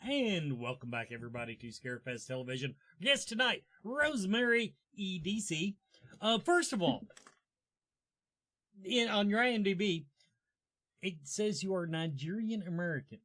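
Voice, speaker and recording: A man's voice: high-pitched, very animated, normal speed, pushed and bright. A man hosting an interview show, asking long rambling questions that keep restarting. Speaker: talk show host. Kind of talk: casual interview.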